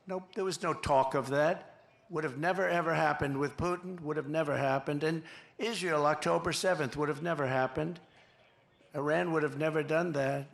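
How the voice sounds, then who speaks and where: A man delivers a campaign rally speech, boastful and rambling and circling back to the same lines again and again. His voice is gravelly and sits a bit high, with a bright, forceful edge. The sound is echoey and carries faint background noise. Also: fairly even intonation, normal speed. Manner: boastful, repetitive, rambling, quoting others in asides; shouting to a cheering crowd at times. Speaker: political candidate at a rally. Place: large rally venue.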